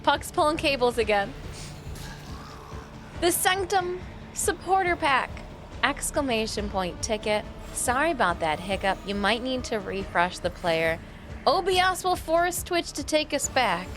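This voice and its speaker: A woman's voice: sits high, expressive, a little slow, over music. A woman streaming a game live, chatting in a bubbly, apologetic way with her viewers. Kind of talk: casual live-stream chat.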